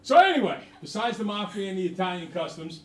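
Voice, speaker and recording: A man's voice: high voice, sing-song, fast, fairly bright tone. A middle-aged man teaching a math class, chatty and jokey, quizzing the students. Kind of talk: classroom lesson. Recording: roomy, from far off.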